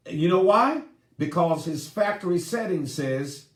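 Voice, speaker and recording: A man's voice: a little high, lively intonation. A man giving an earnest talk on men and grief, speaking directly to his listeners. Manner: earnest, deliberate, addresses audience directly. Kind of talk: seminar talk. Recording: roomy echoey room.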